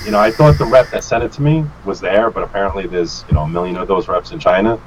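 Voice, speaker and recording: A man's voice: fairly low pitch, a little fast, slight background noise, low-quality recording. A man telling a casual, profane story as a guest on a live stream, acting out his own outbursts. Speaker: guest vape reviewer.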